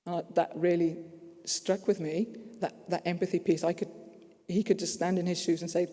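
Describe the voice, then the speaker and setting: A man's voice: high voice, flat delivery, moderate pace, warm tone. A man with a New Zealand accent, giving an earnest, story-driven conference talk. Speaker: conference speaker. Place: conference hall. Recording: echoey hall.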